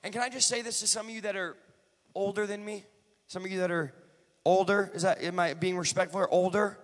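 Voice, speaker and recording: A man with a very high voice preaches a sermon in a large church. He jokes with the congregation, then builds into shouted, rhythmic calls. His voice rings with a long reverb. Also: fairly even intonation, brisk. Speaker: guest preacher.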